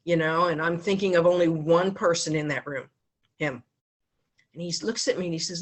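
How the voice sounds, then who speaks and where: A woman in her fifties giving a heartfelt speech at a club meeting, telling a personal story with pauses and restarts. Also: sits low, fairly even intonation. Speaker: foundation speaker at a club meeting.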